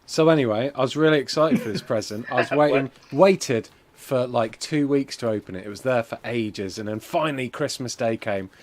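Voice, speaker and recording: A man streaming a game, telling a rambling story in a lively, animated way with lots of fillers. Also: medium pitch, brisk, few pauses, crowd noise. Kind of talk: casual storytelling while gaming.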